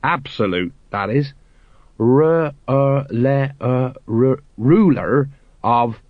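A man reading aloud as a slow-witted, stout older male sergeant who stumbles over words. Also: mid-range voice, big pitch swings, no echo, narrow, tinny audio. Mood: halting.

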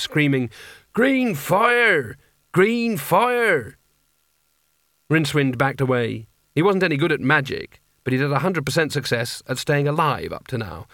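A man narrating an audiobook in a dry, even storytelling manner. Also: mid-range voice, dry recording.

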